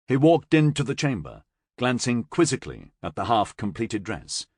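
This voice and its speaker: Expressive male audiobook narrator. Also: medium pitch, normal speed, breathy edge, no room sound, studio quality. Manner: expressive storytelling. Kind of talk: scripted narration.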